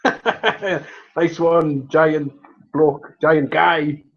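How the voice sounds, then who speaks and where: A man's voice: fairly high pitch, fairly even intonation, drawn-out words, lo-fi sound. Rambling jokey man. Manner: chatty, rambling, jokey, laughs often. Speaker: livestream host. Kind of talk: casual livestream chat.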